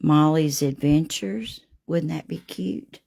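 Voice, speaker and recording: A woman hosting a live painting demo, chatting warmly with viewers by name as she works. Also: low-pitched, expressive, very slow, creaky, a little hiss or hum. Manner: homey and gushing, talks to viewers by name.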